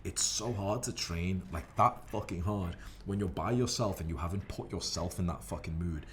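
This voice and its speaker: A man with a somewhat low voice speaks in a loose, profanity-laced monologue, rambling and animated. Faint background noise sits under him. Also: moderate pace. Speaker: fitness vlogger. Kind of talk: casual monologue to camera.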